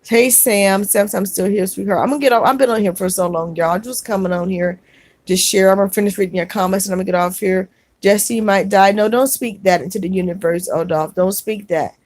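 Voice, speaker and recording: A woman hosting a casual livestream reads viewer comments aloud and answers them gently, calling people sweetheart. Her speech halts and restarts now and then. The sound is close and dry, with no room echo. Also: medium pitch, fairly even intonation. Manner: halting, with fillers and restarts.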